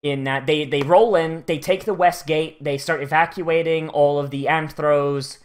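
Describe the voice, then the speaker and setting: A man's voice: on the high side, steady tone, moderate pace. Sweary, rambling man recapping anime. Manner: rambling, sweary, frequent restarts. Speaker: anime reaction host. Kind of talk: casual profane commentary.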